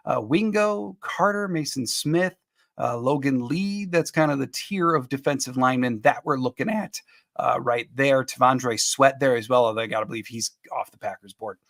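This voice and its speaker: A man's voice: mid-range voice, a bit bright, dry recording, studio quality. A man hosting a live-streamed sports podcast, running through picks and reading viewer comments in an upbeat, chatty way. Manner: upbeat, quick asides to viewers, chuckling. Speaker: podcast host.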